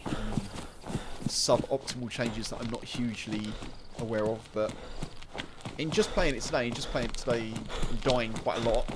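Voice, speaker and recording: A man's voice: mid-range voice, normal speed, heavy background noise. A British man giving rambling, chatty commentary while streaming a live game, often repeating and restarting his phrases. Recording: loud game sounds behind voice.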